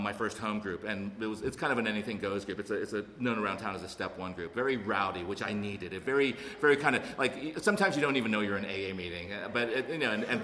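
Bright-voiced man in an echoey hall. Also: on the low side. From Alabama, USA. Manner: animated and earnest, with many restarts, acting out quoted voices. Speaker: speaker sharing his recovery story. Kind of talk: personal talk to an audience. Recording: echoey hall with long reverb and faint noise.

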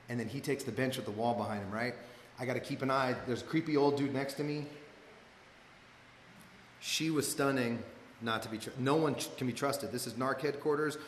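A man's voice: medium pitch, a bit bright, a little hiss or hum. A man with a Southern Californian accent doing stand-up, telling a loose, rambling story and laughing at his own jokes. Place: stage before a live audience. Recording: echoey live room recording.

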